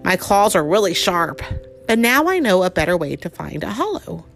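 A woman voicing a kindly, patient old grandfather bear in a storybook, speaking slowly and gently. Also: fairly low pitch, very animated, vocal fry, faint music behind. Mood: gentle.

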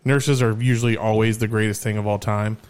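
A man hosting a podcast, telling stories in a lively, casual way and swearing freely. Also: on the low side, brisk, clear, resonant tone. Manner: animated storyteller, swears freely. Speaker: podcast host.

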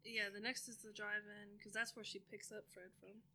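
A woman's voice: mid-range voice, little pitch movement, moderate pace, bright, forceful tone. A woman co-hosting a podcast in casual chat, mostly giving short, amused replies. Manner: amused, brief agreeing replies. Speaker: podcast co-host.

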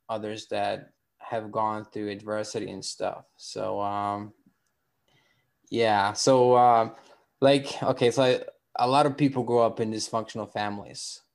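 A man hosting a podcast, introducing and interviewing a guest in a loose, rambling, chatty way. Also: lowish voice. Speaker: podcast host. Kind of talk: casual interview chat.

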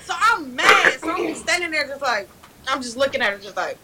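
A young woman telling a story in casual chat, animated and laughing, loudly acting out what others said. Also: high voice, brisk, over a noisy crowd, rough recording.

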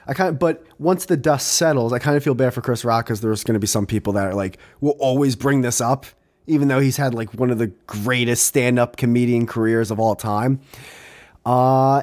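A young man hosting a podcast, chatting casually in a rambling, animated way, swearing and laughing often. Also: medium pitch. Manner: rambling, animated, swears a lot, laughs often, does mocking voices in quotes. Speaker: podcast host.

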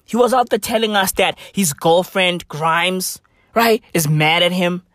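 A woman doing a comedic rant, full of slang and swearing, leaning on "bro" and "bruv", and swinging between shouts and whispers. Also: lowish voice, a little slow, no echo, clean studio sound.

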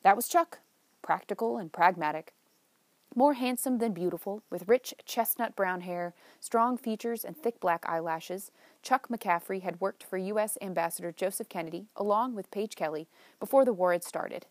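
A woman narrating a novel in a measured, lightly wry storytelling manner. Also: mid-range voice, no echo. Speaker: audiobook narrator. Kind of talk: scripted narration.

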